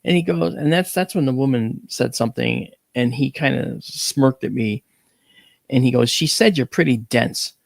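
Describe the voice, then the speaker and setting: A man with a gravelly, fry-edged voice in the middle pitch range recounts a personal story as an interview guest. He talks in an animated way, jumping up in pitch on exclamations, and his wording is blunt with mild swearing. The recording is dry and close, with no room sound. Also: normal speed, no echo.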